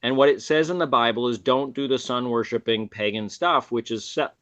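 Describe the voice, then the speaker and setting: A man's voice: mid-range voice, a little fast, fairly bright tone. A man talking earnestly on a panel, explaining at length with restarts. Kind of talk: casual group discussion.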